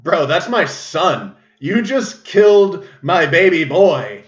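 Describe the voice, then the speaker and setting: A man's voice: a little high, very animated, takes it slowly, pitched above the performer's own voice. A man voicing a grumpy male dwarf king who talks in casual slang, recorded in an echoey room with a dull, lo-fi sound. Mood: indignant.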